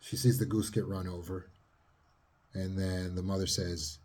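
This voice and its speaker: A man teaching trauma healing as a coach, speaking calmly and steadily, at times dropping almost to a whisper. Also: sits low, measured pace, husky. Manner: calm, steady, sometimes dropping to a near whisper. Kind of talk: teaching monologue.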